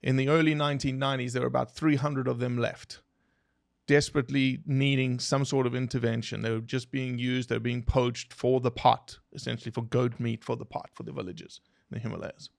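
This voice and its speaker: Guy, gravelly voice, dry close mic, podcast guest telling animated stories. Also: medium pitch, fairly quick, no echo. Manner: animated explainer, poses questions to listeners. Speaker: guest wildlife biologist. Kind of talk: podcast interview storytelling.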